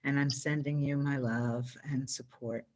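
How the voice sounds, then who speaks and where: A woman offering condolences to her grieving cousin, speaking softly and sorrowfully. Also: very deep voice, fairly even intonation, noisy background. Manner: slow, soft and sorrowful. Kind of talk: condolence message.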